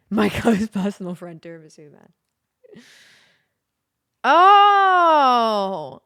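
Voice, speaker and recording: A woman's voice: mid-range voice, lively intonation, normal speed, no room sound, studio quality. A young woman chatting casually on a live stream, rambling and giggly.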